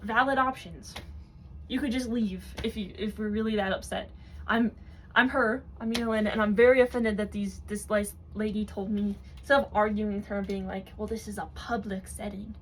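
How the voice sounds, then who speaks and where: A woman's voice: medium pitch, steady tone, moderate pace, a little hiss or hum. A woman hosting a commentary video, ranting in a mocking, exasperated way. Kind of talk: sarcastic commentary.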